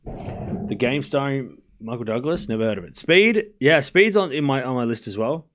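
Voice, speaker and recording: A man hosts a live tennis watchalong stream, calling the score and chatting casually with viewers between points. His medium-pitched, fairly bright voice is animated at a moderate pace, with slight background noise.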